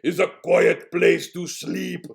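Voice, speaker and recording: A man voicing a cranky male bear in a storybook reading, shouting his lines. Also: high voice, flat delivery, takes it slowly, gravelly, pitched above the performer's own voice, exaggerated voice. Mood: furious. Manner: shouting roars. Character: bellowing grumpy male bear.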